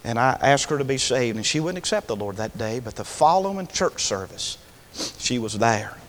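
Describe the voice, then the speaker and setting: Preacher telling a testimony. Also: male voice, mid-range voice, lively intonation, moderate pace. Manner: storytelling preacher, rises to impassioned pleading. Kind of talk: sermon testimony.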